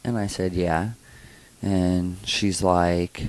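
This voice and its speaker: A man's voice: low voice, steady tone, slow, dry recording, low-quality recording. A man co-hosting a comedy podcast, telling a personal story in a rambling, hesitant way with lots of fillers. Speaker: podcast co-host. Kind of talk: casual storytelling chat.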